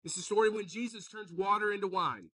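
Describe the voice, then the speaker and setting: A pastor preaching a sermon, joking with the congregation and calling out to them. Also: male voice, high-pitched, a little fast, no room sound, recorded from a distance. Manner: joking, animated, calls out to the congregation.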